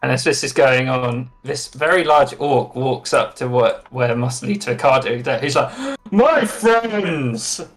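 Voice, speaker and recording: A man narrating as game master for a tabletop role-playing session, in a relaxed, rambling way. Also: mid-range voice, moderate pace, hardly any pauses, soft background music.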